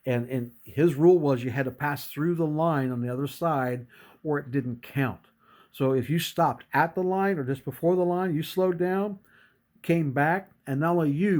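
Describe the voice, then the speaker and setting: A man's voice: medium pitch, a little mellow. A middle-aged man giving an earnest motivational talk, telling a story and acting out bits of dialogue. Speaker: motivational speaker.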